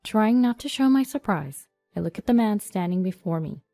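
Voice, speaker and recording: A woman narrating a first-person story in an even, storytelling read. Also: medium pitch, normal speed, gravelly, dry recording. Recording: dry studio voice-over over soft music.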